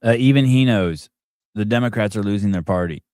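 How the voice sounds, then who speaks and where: A man hosting a call-in podcast, talking in a pushy, animated way with some swearing. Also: lowish voice, fairly quick, dry recording, studio quality. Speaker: podcast host. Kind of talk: casual call-in show chat.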